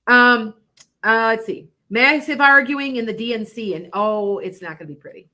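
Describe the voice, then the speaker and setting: Her voice medium-pitched, animated, pushed, and bright, a middle-aged woman speaks at a moderate pace. She hosts an internet radio show, rambling loosely about psychic predictions and laughing often.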